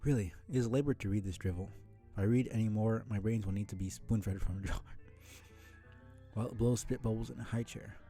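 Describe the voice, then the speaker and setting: A man voicing a wordy, aloof teenage girl who speaks in a dry, condescending way, in a low, mellow voice. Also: fairly quick, soft background music, lightly acted. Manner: wordy, dry, mildly sardonic.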